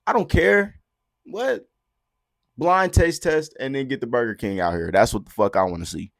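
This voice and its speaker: A young adult man hosting a podcast, ranting profanely in a casual way and swinging between low mutters and loud outbursts. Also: very animated, moderate pace, gravelly, dry recording, clean studio sound. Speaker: podcast host. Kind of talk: unfiltered casual rant.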